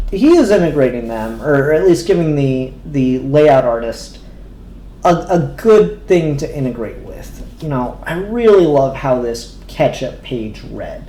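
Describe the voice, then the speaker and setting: A man's voice: fairly high pitch, warm tone, a little hiss or hum. A man reviewing comics in a casual chat, rambling with lots of ums and restarts and casual swearing. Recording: echoey room with faint ambience.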